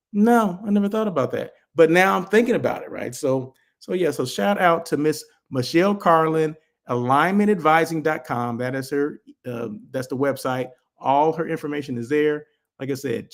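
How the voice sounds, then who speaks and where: A man's voice: medium pitch, vocal fry. A man hosting a live daily show, chatting casually in a rambling way with lots of asides and restarts. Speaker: host. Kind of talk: casual livestream chat.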